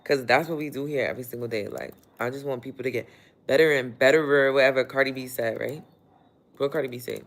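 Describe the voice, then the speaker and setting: A man's voice: mid-range voice, quick pace. A man hosting a casual livestream, chatting and motivating viewers, reading their comments aloud and laughing often while he works. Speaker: livestream host.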